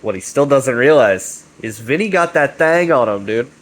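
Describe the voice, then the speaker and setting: A man's voice: medium pitch, expressive, normal speed, rough recording. A man recapping a web series in a casual rambling way, swearing often and leaning on fillers like "you know" and "right". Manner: profane, filler-heavy, chummy.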